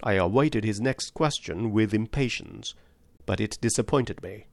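A man narrating an audiobook in the first person with expressive, scripted storytelling. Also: lowish voice, a little slow, dry recording.

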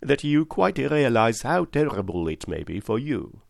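A man's voice: mid-range voice, big pitch swings, a little slow, gravelly, a little mellow, dry recording, clean studio sound, voice pushed up. A man voicing a precise, theatrical older male detective with formal, stagey delivery, in an audiobook reading. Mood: pointed.

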